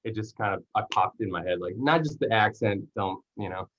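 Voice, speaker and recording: A man's voice: fairly low pitch, expressive, fairly quick, a bit bright. A man hosting a podcast, asking questions in a laid-back, enthusiastic casual chat. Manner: laid-back, enthusiastic, says dude and sick. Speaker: podcast host. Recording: dull lo-fi audio.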